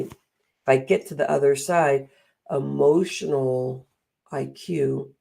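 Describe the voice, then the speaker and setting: A middle-aged woman giving a motivational talk, animated and acting out the voices she quotes. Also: deep voice, gravelly, breathy edge. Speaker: speaker and coach.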